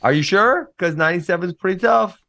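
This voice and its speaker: Playful man with a lively voice. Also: sits high, fast, gravelly, no room sound. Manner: playful and teasing. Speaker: podcast co-host and former wrestler. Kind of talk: casual podcast chat.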